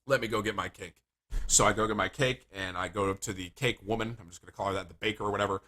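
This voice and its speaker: A young man telling a crude, comic story about his life, animated and prone to sudden loud outbursts. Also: lowish voice, very fast. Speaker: vlogger.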